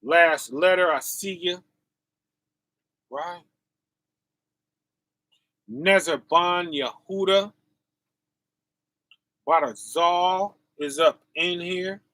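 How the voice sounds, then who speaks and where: A man with a high, bright voice preaches slowly in on a casual livestream. He calls out to his viewers with animated energy and laughs often. The sound is dry and close. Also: no room sound.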